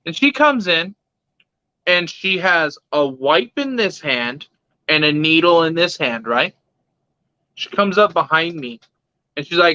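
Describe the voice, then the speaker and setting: A young man tells a rowdy story, cursing freely and acting out what others said. His voice sits high and bright. The sound is dry and muffled, like a cheap recording. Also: slow, no room sound. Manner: profane, laughing, animated retelling with quoted voices. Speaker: pet vlogger. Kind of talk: casual storytelling. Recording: dull lo-fi sound.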